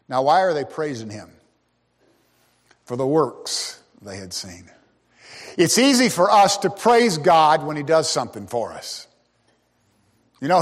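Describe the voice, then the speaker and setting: A male pastor preaching a sermon, emphatic, swinging between loud declarations and hushed asides. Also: on the high side, very animated, unhurried, pauses often, long reverb tail.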